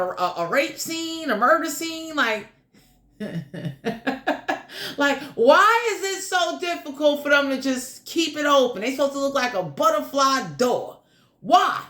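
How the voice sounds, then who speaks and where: A woman's voice: high voice, lively intonation, unhurried, sharp tone, reverberant. A woman giving a casual general tarot reading in a blunt, crude, joking way, swearing freely. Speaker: tarot reader.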